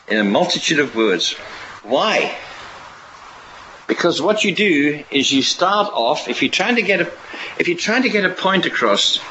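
A man's voice: on the high side, sing-song, measured pace, bright, forceful tone, slight background noise. A man preaching a sermon in a rambling way, often restarting and asking rhetorical questions. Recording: dull lo-fi recording.

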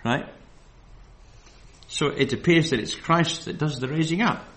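The preacher at this Bible study has a fairly high, somewhat bright voice. He takes the scripture slowly and emphatically, then lapses into loose digressions full of fillers.

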